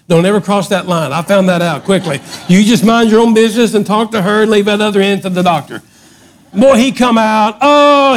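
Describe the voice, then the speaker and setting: Man, high voice, middle-aged pastor, emphatic preaching, loud then hushed. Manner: emphatic preaching, swinging between loud outbursts and hushed lines. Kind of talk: sermon.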